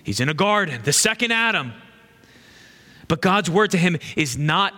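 A man preaching a sermon, earnestly repeating key phrases for emphasis and moving between hushed and fervent delivery. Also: sits high, sing-song, normal speed.

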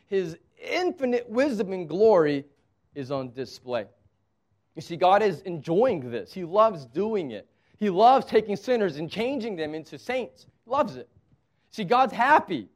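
A man preaching a sermon as pastor, conversational and emphatic, with touches of humor. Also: high voice.

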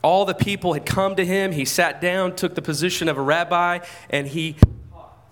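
A man's voice: high-pitched, fairly even intonation, normal speed, background noise. A man preaching a sermon at a church service into a microphone, talking conversationally, asking the congregation questions and often repeating his first words. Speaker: pastor. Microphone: handheld or stand microphone.

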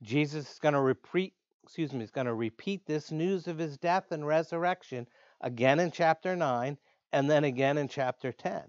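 A man preaching a sermon in an earnest way, slowing down to stress key words. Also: a little high, dry recording. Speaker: pastor. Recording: dull lo-fi dry sound.

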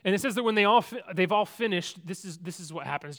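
A man preaching a sermon, telling a Bible story with big swings between loud and hushed, often repeating words and restarting sentences. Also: high voice, lively intonation, fast. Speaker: pastor.

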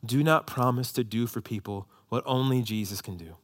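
A man in his thirties preaching a sermon as a pastor, swinging between quiet, tender asides and raised, emphatic calls. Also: medium pitch, moderate pace.

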